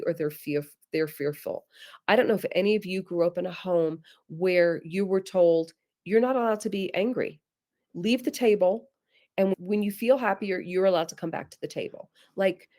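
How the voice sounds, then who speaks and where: A middle-aged woman presenting a parenting webinar, earnest and direct, sometimes acting out gentle things a parent might say. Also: fairly low pitch. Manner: earnest, direct, addresses listeners as guys; acts out gentle parent phrases. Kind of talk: teaching webinar talk.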